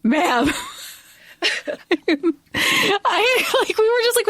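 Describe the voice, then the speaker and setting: A woman co-hosting a podcast, chatting casually and wryly about a movie, quick to laugh. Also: very high-pitched, sing-song, a bit bright, no room sound. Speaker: podcast co-host. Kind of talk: casual movie recap chat.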